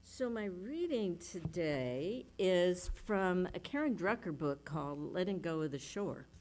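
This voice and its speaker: A woman reading aloud to a spiritual congregation in a measured, unhurried way. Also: on the low side, animated, a little mellow. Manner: slow, measured reading with light laughter. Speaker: speaker at a spiritual center service.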